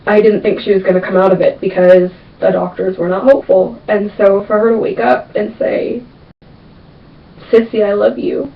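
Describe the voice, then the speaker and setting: A woman's voice: mid-range voice, little pitch movement, normal speed, creaky. A young woman answering viewer questions in a casual vlog, chatty and emphatic, repeating words for stress. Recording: distant, dull lo-fi webcam sound.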